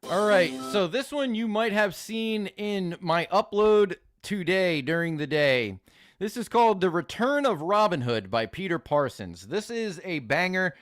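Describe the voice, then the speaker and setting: A man's voice: high voice, animated, unhurried, fairly bright tone, no room sound. A man hosting a live stream, chatting casually with viewers in a crude, joking, rambling way, swearing often. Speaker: streamer host reacting to videos.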